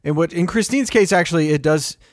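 A man's voice: a little high, fairly quick, no room sound, studio quality. Rambling, profane man in casual chat. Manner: rambling, profane, animated storytelling.

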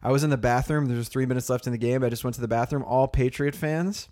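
A man in casual conversation, telling stories in a profane, animated way and mimicking other people's voices. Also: mid-range voice, quick pace. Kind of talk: casual chat.

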